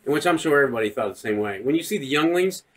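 A man co-hosts a podcast, chatting casually and profanely and acting out scenes with silly voices. His voice sits on the high side with lively intonation and rapid-fire delivery, over a loud crowd.

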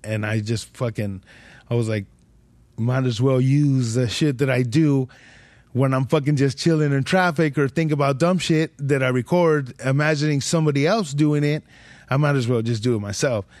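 A young man, talking in a loose, rambling way and swearing at nearly every turn. His voice sits at an ordinary middle pitch. The mic picks him up close and dry, with hardly any room sound. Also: normal speed, darkish tone, no room sound. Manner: heavy swearing, slangy, rambling. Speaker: podcast host. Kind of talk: casual storytelling.

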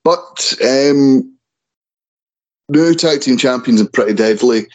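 A man's voice: medium pitch, slow pace, low-quality recording. A man co-hosting a wrestling chat show in a casual way, often stumbling and restarting over names. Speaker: wrestling podcast co-host.

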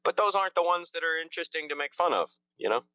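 A man's voice: fairly high pitch, animated, quick pace, highs cut off, crowd noise. A man hosting a casual chat, joking crudely and rambling with lots of fillers.

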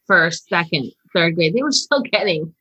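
Woman chatting, low voice but bright and punchy, reflective. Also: lively intonation, moderate pace. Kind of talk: casual chat.

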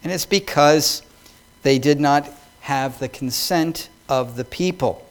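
Male pastor, sermon delivery, slightly raised pitch, emphatic and insistent. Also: takes it slowly.

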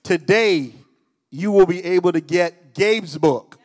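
A man's voice: high voice, takes it slowly, darkish tone. Storytelling male pastor in reverberant hall. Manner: conversational, storytelling, teasing asides. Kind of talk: casual sermon.

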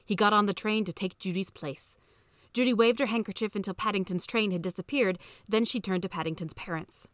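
Female storyteller, steady scripted read, dry booth sound, mid-range voice. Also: medium pitch, brisk, dry recording. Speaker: podcast reader.

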